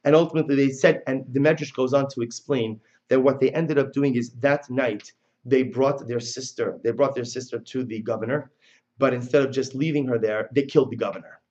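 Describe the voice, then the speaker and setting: A male religious teacher giving a passionate lecture on religious texts, telling the story dramatically and moving between loud and soft. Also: medium pitch, fairly even intonation, brisk, highs cut off.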